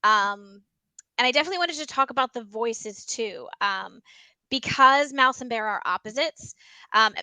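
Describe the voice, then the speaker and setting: A woman's voice: on the high side, lively intonation, moderate pace, sharp tone, no room sound, rough recording. A woman librarian giving casual teaching tips about reading picture books aloud, chatty and full of ums. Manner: chatty, many ums, explains by example. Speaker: school librarian.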